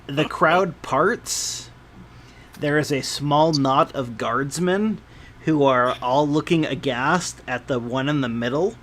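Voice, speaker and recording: Slow, measured man narrating a game. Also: fairly high pitch, fairly bright tone. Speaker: game master.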